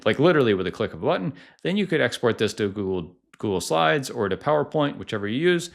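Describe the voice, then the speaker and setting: A man's voice: medium pitch, big pitch swings, quick pace, creaky, few pauses. A middle-aged man hosting a casual tutorial vlog, talking in a chatty way full of "like" and "uh". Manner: chatty, lots of "like" and "uh" fillers. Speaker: tech YouTuber, podcasting company founder.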